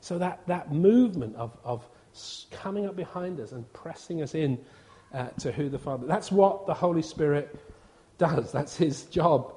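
A man's voice: fairly high pitch, lively intonation, moderate pace, mellow. A man, a visiting preacher giving an informal, humorous sermon and acting out quotes. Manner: chatty, humorous, acts out quotes.

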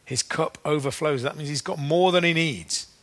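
Guy giving a sermon, chatty, lots of ums, reads scripture slow. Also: on the high side, fairly bright tone. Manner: conversational, with fillers and restarts, slowing for scripture readings. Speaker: preacher.

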